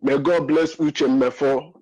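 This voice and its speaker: A man's voice: on the high side, fairly even intonation, slow, darkish tone, dull audio. A man with a Nigerian accent calling into a radio show, emotional and pleading, repeating himself. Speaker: caller. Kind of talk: impassioned call-in. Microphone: phone call.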